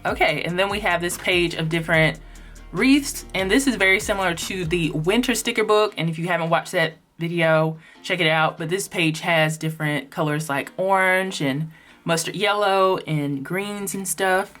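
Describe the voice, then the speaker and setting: A woman's voice: on the low side, normal speed, a bit bright, faint music behind. A woman casually narrating a sticker book flip-through, chatty and upbeat with frequent ums and likes. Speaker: planner sticker vlogger.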